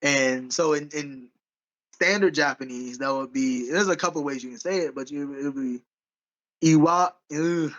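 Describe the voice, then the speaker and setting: A man's voice: fairly high pitch, moderate pace, fairly bright tone, highs cut off. A man co-hosting a podcast in casual chat, rambling and correcting himself as he goes, with frequent laughs. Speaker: podcast co-host.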